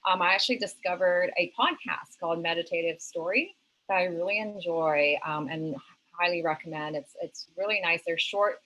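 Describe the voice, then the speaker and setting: A woman with a voice a touch on the low side answers as a panelist. Her speech is conversational and halting, full of ums and restarts. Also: a bit bright, low-quality recording. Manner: hesitant, many ums, conversational. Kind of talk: webinar panel discussion.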